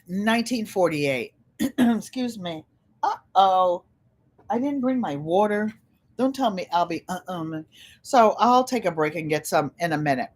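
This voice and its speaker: A woman's voice: fairly low pitch, expressive, measured pace. A woman in her seventies with a Connecticut accent, chatting and telling stories to viewers on a live stream from a room at home. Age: 70s. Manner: chatty storyteller, addresses viewers as "you guys". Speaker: channel host. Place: indoor room with a large air conditioner. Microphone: computer.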